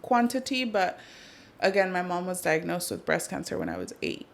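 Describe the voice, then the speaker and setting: A woman's voice: fairly low pitch, wildly swooping pitch, moderate pace, gravelly. A young woman as a podcast guest, telling personal stories in an open, conversational way. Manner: open, storytelling, emotional at times. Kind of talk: casual chat.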